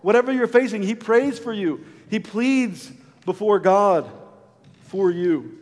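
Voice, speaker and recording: High-voiced pastor preaching in a hall. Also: male voice, expressive, slow pace. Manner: earnest, swings from loud to hushed; acts out voices in a story. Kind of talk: sermon.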